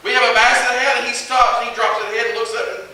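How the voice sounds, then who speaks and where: A man preaching a sermon in a church in a conversational way, asking the congregation questions and moving between hushed and loud passages. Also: extremely high pitch, little pitch movement, quick pace. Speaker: pastor. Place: church sanctuary. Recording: echoey hall, distant mic, faint hiss.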